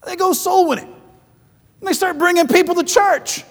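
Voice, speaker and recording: A man preaching a sermon, animated and storytelling, acting out the voices of others and rising to shouts at high points. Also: moderate pace, long reverb tail. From foreign-born, living in southern China. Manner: animated, acts out quoted voices, shouts at peaks; rambling, with frequent restarts in anecdotes.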